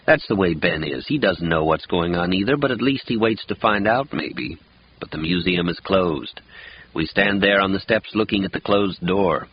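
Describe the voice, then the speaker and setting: A man's voice: low voice, expressive, normal speed, a little hiss or hum. A man narrating an audiobook in a wistful, lyrical first-person telling. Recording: dull lo-fi audiobook recording.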